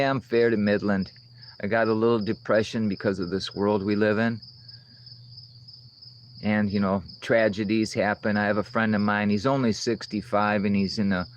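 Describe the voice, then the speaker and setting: A low-voiced man rambles through a casual outdoor livestream, answering chat and swearing freely. Faint insect and cricket noise hums behind him. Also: poor audio. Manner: rambling, profane, talks back to chat comments. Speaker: livestream host reading chat.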